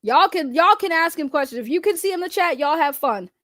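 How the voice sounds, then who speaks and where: Young woman streamer, high pitched, cussing out someone to her chat, dry close mic. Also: animated, quick pace, a bit bright, no room sound. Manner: blunt, heavy swearing, talks straight to chat. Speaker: livestream commentary host. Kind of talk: ranting livestream commentary.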